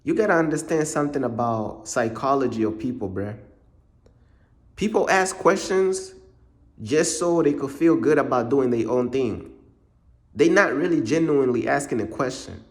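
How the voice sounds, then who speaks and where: A man's voice: mid-range voice, a little mellow. A man preaching in a casual monologue, blunt and repetitive, full of street slang.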